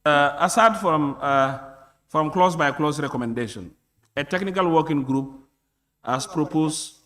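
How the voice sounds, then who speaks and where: A man presenting committee recommendations in a halting, filler-heavy way. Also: fairly high pitch, a bit bright. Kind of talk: formal parliamentary address. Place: legislative chamber.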